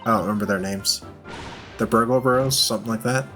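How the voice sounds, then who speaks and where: A man's voice: fairly low pitch, a little fast, a bit bright, soft background music. A man giving casual, chatty gameplay commentary with self-mocking asides. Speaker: let's play host.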